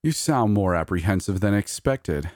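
A man voicing a sly, scheming male creature in a horror story, speaking slowly and mockingly. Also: on the low side, lively intonation, a little mellow, dry recording, studio quality, natural voice. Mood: smug, scheming. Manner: slow, deliberate, mocking. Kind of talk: horror audiobook reading.

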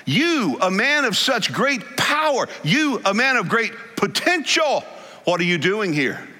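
A man's voice: high voice, pushed and bright. A man preaching a sermon in a church sanctuary, in an emphatic style that stresses single words. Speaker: pastor. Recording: long hall reverb.

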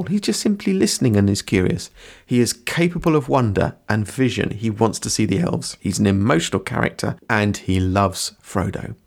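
A man hosting a writing podcast, explaining character in measured, scripted teaching narration. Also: medium pitch, vocal fry. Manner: measured, explanatory, quotes from books.

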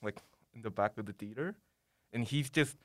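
A young man as a podcast guest, playful and joking, telling animated stories. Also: fairly low pitch, normal speed, no room sound, studio quality. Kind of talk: casual chat.

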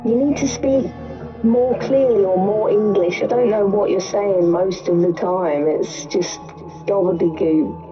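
A woman's voice: mid-range voice, unhurried, muffled recording, music in the background. A woman playing a call-centre agent on a comic call, blunt and dismissive.

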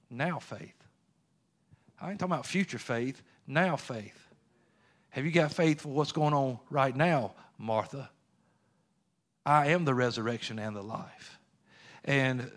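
A man preaching a sermon with a mid-pitched voice. He speaks casually and emphatically, circling back on phrases and pressing the congregation with rhetorical questions.

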